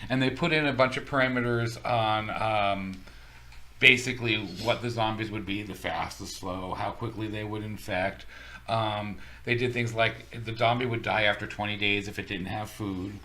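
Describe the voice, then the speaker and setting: Bright-voiced man, wry and chatty. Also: on the low side, fairly even intonation, normal speed. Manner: wry, explains study results. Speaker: podcast co-host. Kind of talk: casual chat.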